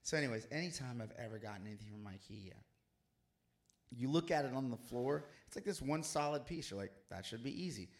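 A man co-hosting a casual church chat, an animated and playful storyteller. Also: medium pitch, brisk. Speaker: co-host.

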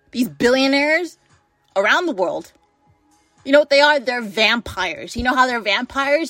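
A high-pitched young woman from the United States vents her fury straight into the camera. She swears freely and keeps asking heated rhetorical questions. Her voice sounds close and dry, with no room echo. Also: a bit bright. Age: late 20s. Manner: furious, profane, rapid-fire rhetorical questions. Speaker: vlogger. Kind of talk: angry political rant to camera.

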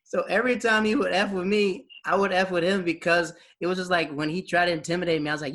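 Young guy reminiscing in a casual chat, bright tense voice, says like a lot. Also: high-pitched, fairly even intonation, fast, few pauses. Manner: rambling storyteller, lots of "like", laughs often. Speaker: partner sharing memories.

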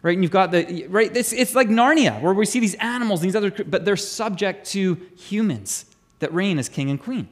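A man's voice: high-pitched, a little fast. A man who is a pastor, giving a conversational sermon, chatty, asking the congregation questions and repeating words as he goes.

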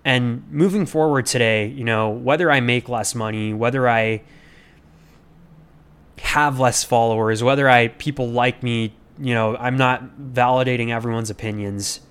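An earnest man in the middle pitch range, reflecting aloud on his podcast. He rambles and restarts in a casual monologue that is full of fillers. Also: steady tone, moderate pace, fairly bright tone, clean tone. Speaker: podcast host.

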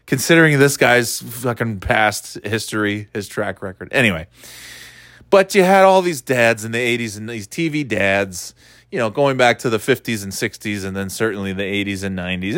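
A man, talking in a rambling, profane, animated way, dropping into quick impressions. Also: on the low side, no room sound, clean studio sound. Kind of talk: casual comedic monologue.

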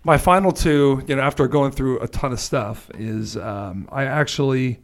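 A man co-hosting a casual movie podcast, chatty and quick to laugh. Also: medium pitch. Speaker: podcast co-host.

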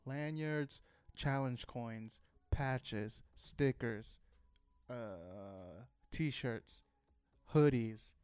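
A man's voice: medium pitch, drawn-out words, a little mellow, clean tone, no room sound. A man talking casually on a podcast, telling a rambling story full of fillers, restarts and swearing. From Texas. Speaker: podcast host.

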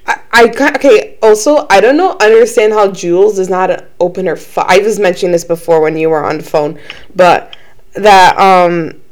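This young woman co-hosts a podcast, keeping the chat casual, swearing a lot and laughing frequently. Her voice is mid-range and her pace moderate.

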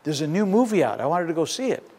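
A man preaching a sermon as pastor, telling a story in an animated way that swings between loud and hushed. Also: on the high side, fast. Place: church sanctuary. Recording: long church reverb. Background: congregation shouting.

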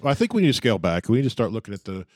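A man with a low, deep voice firing off fast, lively quips from the side of a podcast chat. His delivery rises and falls freely. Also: dry recording, studio quality. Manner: quick wisecracking asides. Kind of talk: casual chat.

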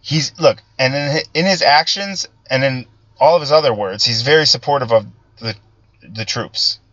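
A man in a casual political monologue, full of restarts and fillers as he thinks aloud. His voice sits at an ordinary pitch and sounds dull and lo-fi, with a dry, close sound and no room around it. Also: sharp tone, no room sound. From Italian-American background. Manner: halting, many restarts and fillers, conversational. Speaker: political commentary host.

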